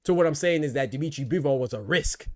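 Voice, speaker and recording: A man's voice: on the high side, expressive, fast talker, a little mellow, no echo, clean studio sound. Argumentative man hosting a boxing livestream. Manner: argumentative, repeats phrases to drive a point. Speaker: boxing talk show host. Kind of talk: casual livestream commentary, reading chat.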